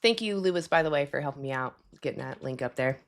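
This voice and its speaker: A woman's voice: extremely low pitch, expressive, quick pace. A woman hosting a casual live stream at her desk at home, rambling with lots of fillers and chatty asides.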